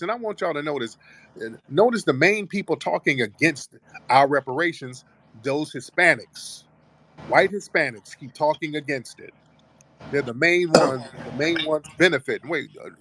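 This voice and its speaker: A man's voice: a little high, a bit bright, dry recording. A man hosting a heated live call-in show, talking bluntly and combatively, often profane. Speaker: host.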